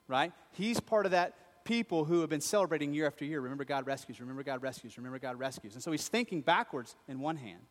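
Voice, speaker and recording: Man preaching a sermon in a reverberant hall. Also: mid-range voice. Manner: conversational, swings from quiet to rising emphatic peaks. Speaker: pastor.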